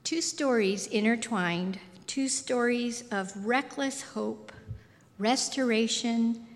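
A woman preaching a sermon in a slow, deliberate, softly intimate way. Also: a little high. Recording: reverberant hall.

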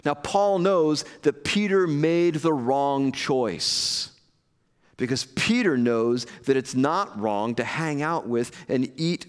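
Conversational male pastor in a reverberant hall. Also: medium pitch. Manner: conversational, acts out scenes with playful asides. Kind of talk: sermon. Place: church hall with live audience.

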